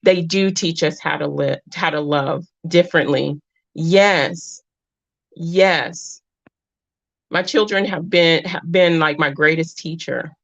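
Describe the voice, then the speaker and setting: A woman in her thirties speaks with a low-set, heartfelt voice, wandering off her point and finding her way back again. She sounds earnest and emotional, close to tears. The sound is dry and muffled, with a lo-fi dullness. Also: slow, creaky, dry recording. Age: 30s. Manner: earnest, rambling, drifts off topic and back. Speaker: live-stream host. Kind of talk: heartfelt live chat with viewers.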